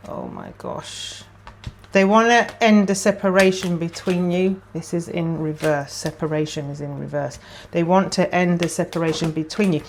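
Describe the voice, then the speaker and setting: This tarot reader has a fairly low voice, with slight noise in the background. Reading cards casually to camera, she talks emotionally and chattily, musing aloud as each card comes out.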